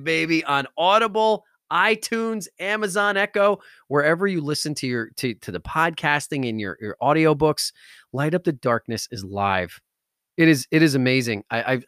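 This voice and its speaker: A man hosting a podcast in an energetic, slangy motivational talk style, hyped and enthusiastic. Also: mid-range voice, dry recording, studio quality. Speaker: podcast host.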